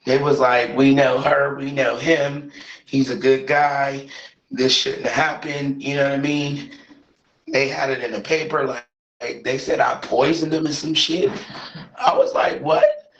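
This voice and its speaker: A man's voice: mid-range voice, measured pace. A man speaking bluntly and with plenty of cursing in a casual chat. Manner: blunt and profane, animated. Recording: roomy, dull, slightly noisy.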